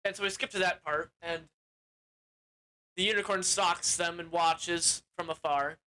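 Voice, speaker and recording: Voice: medium pitch, fairly even intonation, measured pace, bright, forceful tone, rough recording. A film reviewer giving a casual, rambling plot recap, often correcting themselves and swearing offhandedly.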